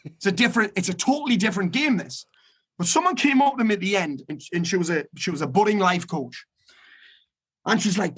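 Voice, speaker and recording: A man's voice: fairly high pitch, lively intonation, fast, fairly bright tone, breathy edge. A man giving a blunt, emphatic motivational talk, swearing freely as he urges listeners to act. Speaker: motivational speaker.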